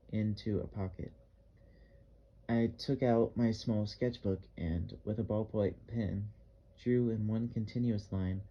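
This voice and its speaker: A man narrating an audiobook in the first person, with measured, even storytelling. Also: fairly low pitch, muffled recording.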